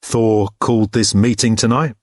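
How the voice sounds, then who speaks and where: A man voicing a wry, patient detective who speaks quietly and dryly in an audiobook. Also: lowish voice, steady tone, moderate pace, no echo, clean studio sound, natural voice.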